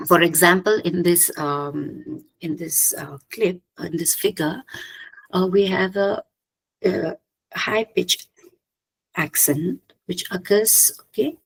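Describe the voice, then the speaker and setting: A woman with a Khasi accent giving an academic linguistics presentation, halting with many fillers and frequent throat-clearing. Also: fairly low pitch, rough recording.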